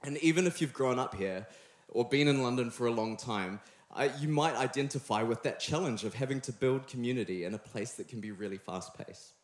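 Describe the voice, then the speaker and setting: In a mid-range voice at a slightly fast pace, a young New Zealander delivers a sermon before a live congregation. The church hall is reverberant, and he's friendly and playful, joking and chatting with the room.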